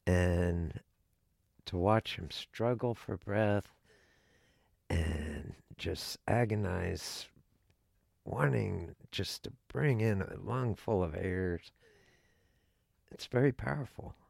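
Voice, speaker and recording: A man co-hosting a podcast, talking in a slow, deliberate, instructive way. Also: deep voice, gravelly, darkish tone, no echo, clean studio sound. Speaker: podcast co-host. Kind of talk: casual podcast chat.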